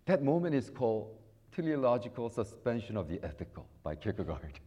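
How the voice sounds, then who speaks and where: A middle-aged man preaching with a low voice that swoops widely in pitch. He shifts between loud, emphatic rises and quiet, low-spoken stretches. He acts out prayers and conversations as he goes. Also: brisk. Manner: animated, preaching with sudden loud rises and soft low passages. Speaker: pastor. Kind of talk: sermon.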